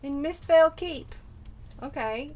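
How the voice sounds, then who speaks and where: A woman's voice: sits high, a little slow, darkish tone. Chatty woman streaming a game. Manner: chatty, self-mocking, bantering. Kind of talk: casual gameplay commentary.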